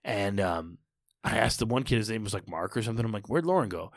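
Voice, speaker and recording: A man's voice: lowish voice, fast, no room sound, studio quality. A man telling a rambling story in casual podcast chat, full of fillers and swearing. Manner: rambling, lots of likes and swearing.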